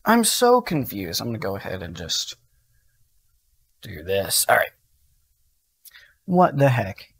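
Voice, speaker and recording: Excitable young male game streamer. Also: on the low side, takes it slowly, vocal fry, long pauses, breathy edge. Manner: jumpy, swearing outbursts and rambling asides to chat. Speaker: gaming streamer. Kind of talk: casual livestream commentary.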